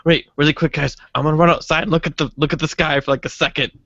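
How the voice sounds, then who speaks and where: A chatty man co-hosts a comedy podcast and laughs easily. His voice is bright and forceful. The audio is dry and lo-fi. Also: a little high, fairly even intonation, quick pace, creaky, no room sound. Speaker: podcast co-host. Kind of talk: casual comedy banter.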